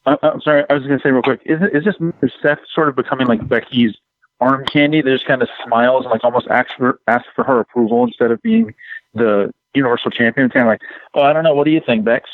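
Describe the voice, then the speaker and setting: A man's voice: medium pitch, animated, no room sound. A man in casual podcast chat who jokes and tosses out rhetorical questions. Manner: quick, joking, rhetorical questions. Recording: dry, tinny phone-like line.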